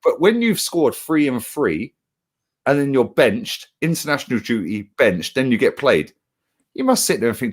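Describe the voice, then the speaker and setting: Young bloke, fired-up fan pundit, swearing freely, voice bouncing up and down. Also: male voice, mid-range voice, normal speed. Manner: animated, heated, swears, slangy. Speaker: football fan channel co-host. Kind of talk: casual football chat.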